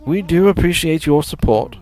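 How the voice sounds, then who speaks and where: A man's voice: fairly high pitch, normal speed, darkish tone, pitched above the performer's own voice, close to an everyday voice. A man voicing a pompous, sleepy male owl who runs a game's museum, with flowery, formal and apologetic phrasing. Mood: fussy.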